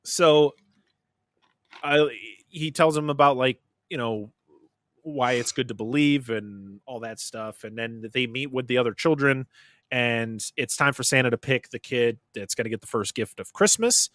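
A young man hosts a podcast, retelling a movie in a loose, jokey way full of swearing. His voice sits in the middle of the pitch range. The sound is dry and close to the mic. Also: measured pace, fairly bright tone, no echo. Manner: profane, laughing, jokey retelling. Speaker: podcast host. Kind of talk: casual movie recap chat.

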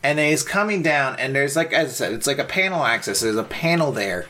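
A man's voice: mid-range voice, expressive, brisk, bright, forceful tone. A man co-hosting a podcast in casual chat, telling a story animatedly and acting out other people and sound effects. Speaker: podcast co-host.

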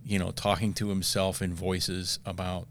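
A man's voice: sits low, little pitch movement, normal speed. A middle-aged man in casual chat, rambling and profane, laughing at his own jokes.

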